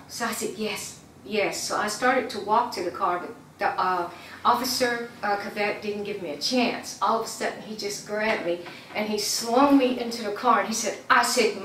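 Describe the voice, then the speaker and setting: A community member gives earnest personal testimony, retelling events and acting out the dialogue with some stammering. Her voice is on the high side and fairly bright, at normal speed. The recording is roomy, with a distant mic and faint background noise.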